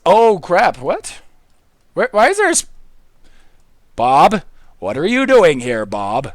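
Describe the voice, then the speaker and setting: A high-voiced man chattering through a game livestream, his pitch leaping wildly from squeals down to low mutters. He is hyper and goofy, shouting at monsters one moment and muttering to himself the next. The sound is close and dry, with no room around it. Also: huge pitch swings, takes it slowly, vocal fry, pauses often, no room sound. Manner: hyper and goofy, swings from loud squeals to mumbled asides. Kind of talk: excitable gaming livestream chatter.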